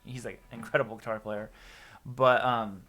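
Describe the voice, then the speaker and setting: A man hosts a casual guitar live stream, speaking in a medium-pitched, level voice at a moderate pace. He rambles and makes self-deprecating remarks while reading viewer comments. Loud guitar playing sits over his voice.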